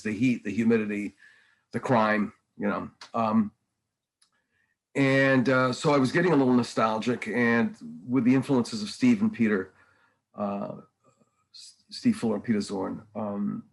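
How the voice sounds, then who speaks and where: Halting, rambling man telling stories. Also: fairly low pitch, low-quality recording. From New England. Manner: rambling, halting, many ums and restarts. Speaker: podcast guest, painter. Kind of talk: casual conversational interview.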